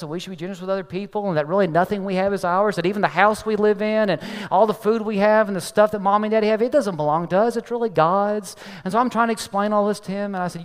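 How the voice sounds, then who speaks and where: Pastor guy in his 30s preaching, highish voice, stories w/ little voices, big echoey hall. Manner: storytelling, animated with quoted voices. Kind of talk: sermon. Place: church sanctuary. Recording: long reverb of a large hall.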